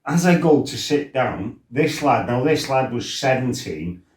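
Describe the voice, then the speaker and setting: A man's voice: mid-range voice, measured pace. A middle-aged man telling stories from his fighting past, swearing freely and acting out his own outbursts. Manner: swearing, animated, acts out his own shouting. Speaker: former fighter telling his life story. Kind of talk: casual storytelling. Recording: roomy, from a distance.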